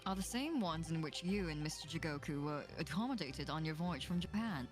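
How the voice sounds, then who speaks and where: A woman reading the lines of a theatrical, eccentric male detective in measured, deliberate tones, voicing game dialogue aloud. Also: sits low, animated, over music, pitched below the performer's own voice. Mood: haughty probing.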